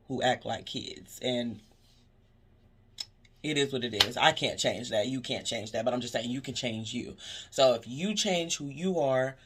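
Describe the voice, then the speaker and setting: A woman who works as a cashier, talking in a casual vlog, telling animated stories about customers and preaching positivity. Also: a bass voice, slightly rough. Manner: animated storytelling, acting out customer exchanges.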